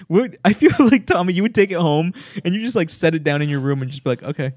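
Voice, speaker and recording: A young man chatting casually with friends, telling stories with lots of energy and playing out made-up conversations. His pitch swoops widely and sits a little high for a man. The sound is dry and close. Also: fast, dry recording. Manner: animated storytelling, acts out imagined dialogue, laughs often. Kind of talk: casual chat among friends.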